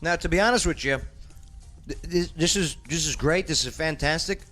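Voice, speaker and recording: A man's voice: a little high, moderate pace, faint music behind. A man hosting a casual talk show, joking and chatting while tasting food. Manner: lively, joking, talks with mouth full. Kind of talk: casual chat.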